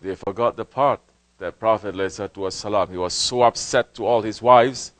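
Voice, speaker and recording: A man's voice: lowish voice, brisk, no echo, low-quality recording. Impassioned male Sufi teacher preaching. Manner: impassioned, swinging from loud to hushed; rhetorical questions and repetition. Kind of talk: sermon.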